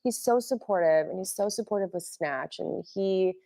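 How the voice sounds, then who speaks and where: A woman's voice: on the low side, animated, normal speed, gravelly, dark tone. A woman in her thirties, a former wrestler, talking openly and emotionally as an interview guest, with many "like"s. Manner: open, emotional, uses "like" a lot. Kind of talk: candid interview conversation.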